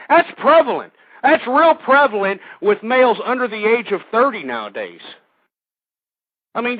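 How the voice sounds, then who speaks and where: Over tinny, phone-like dry audio, a man hosting a call-in radio show rants combatively, crudely and repetitively. He has a high-pitched voice.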